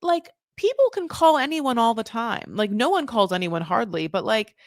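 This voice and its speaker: A woman hosting a casual recap show, talking in an animated, gossipy way with sudden jumps in pitch and loudness, dropping "honey" and "like" all the time. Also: moderate pace, no room sound, studio quality. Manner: says "honey" and "like" often. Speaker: podcast host recapping a reality show. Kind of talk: casual commentary.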